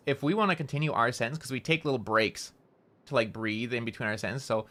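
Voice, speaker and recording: A man's voice: medium pitch, quick pace, fairly bright tone. A man with a mild rural Canadian accent, chatting casually and rambling as he streams a game, peppering his talk with "like" and casual swearing. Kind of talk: casual chat while gaming.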